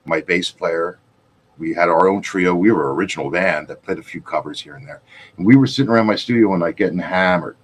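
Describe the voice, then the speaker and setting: Husky-voiced man telling rambling stories. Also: deep voice, fast. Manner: loose, profane, rambling anecdotes with acted-out quotes. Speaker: guitarist and podcast co-host. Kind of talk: casual storytelling chat.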